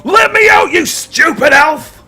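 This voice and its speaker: A man's voice: on the high side, a little slow, gravelly, pushed and bright, breathy edge, full character voice. A man voicing a bitter, defiant male prisoner warrior who blusters and threatens with an axe. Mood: furious.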